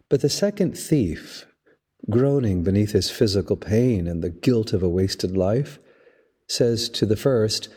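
A man, a priest hosting a podcast, giving a measured, storytelling homily. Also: on the low side, expressive, darkish tone, slightly rough. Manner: slow, measured, storytelling delivery. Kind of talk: reflective spoken homily.

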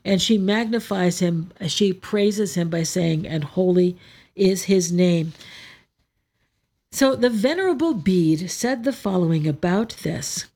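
A woman's voice: on the low side, animated, slow pace, warm tone. A woman giving a scripture teaching talk as an Orthodox Christian Bible teacher, explaining verses and asking her listeners rhetorical questions.

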